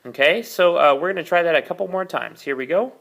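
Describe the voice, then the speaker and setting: Brief: man, fairly high and bright voice, patient music teacher talking into the camera mic. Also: quick pace, vocal fry. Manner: patient, explanatory, frequent fillers. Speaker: oboe teacher. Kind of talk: step-by-step music lesson. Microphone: camera mic, repositioned during video.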